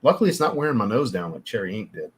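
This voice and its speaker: Husky man chatting to viewers. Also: fairly low pitch, big pitch swings, rapid-fire. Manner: chatty, talks straight to viewers, worked up and theatrical. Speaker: fragrance reviewer hosting a livestream. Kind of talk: casual livestream chat.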